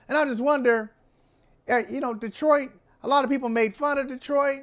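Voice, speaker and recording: A man's voice: very high-pitched, a little fast. A man co-hosting a casual sports talk show, teasing his co-host with rambling questions full of restarts.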